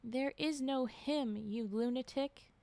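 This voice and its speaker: A woman's voice: high voice, takes it slowly, dry recording. Woman voicing a furious, terrified young woman. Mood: taunting. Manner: shouting insults.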